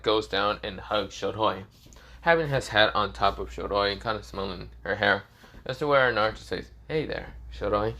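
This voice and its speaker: A man's voice: on the low side, pushed and bright. A man improvising a fan-fiction anime story, rambling with lots of fillers and restarts. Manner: rambling, filler-heavy, repeats "this is where".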